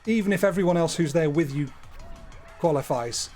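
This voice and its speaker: A man's voice: on the high side, normal speed, darkish tone, faint music behind. A man streaming live, talking through his gameplay in a chatty, playful way with wordy asides. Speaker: gaming streamer.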